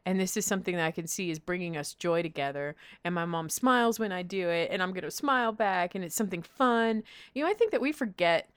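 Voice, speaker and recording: A woman's voice: on the low side, lively intonation, fast, clean tone, dry recording. A middle-aged woman co-hosting a faith-based chat, telling stories with playful voices and laughter. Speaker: co-host.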